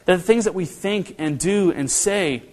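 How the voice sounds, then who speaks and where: A man preaching a sermon in a church, earnest and animated, often restarting his phrases. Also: high-pitched, normal speed, in a large hall. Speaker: pastor.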